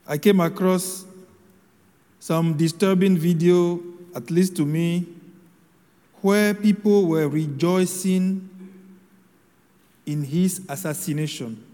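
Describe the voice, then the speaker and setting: A man delivering a sermon, his voice sitting high for a man. He speaks slowly and deliberately, pausing solemnly between phrases, and his words ring out with a long reverb as if in a large hall. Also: dark tone. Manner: slow, measured homily delivery with solemn pauses. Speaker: preacher.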